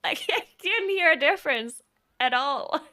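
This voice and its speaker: A woman streamer with a bright, somewhat high voice chats casually. She rambles from one thought to the next, with frequent laughter and filler words. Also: expressive, measured pace. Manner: chatty and rambling, laughing often.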